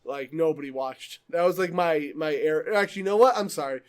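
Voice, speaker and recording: Excitable high-voiced young man, swearing. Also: fairly quick. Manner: excitable, swears a lot, laughs often. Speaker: podcast host. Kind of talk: casual podcast chat.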